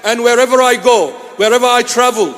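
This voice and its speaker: Preacher, man, high and light voice, emphatic and repetitive, long hall reverb. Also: a little fast, a bit bright. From Iraq. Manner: emphatic, repeating phrases for weight. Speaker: bishop preaching. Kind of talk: sermon address. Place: church.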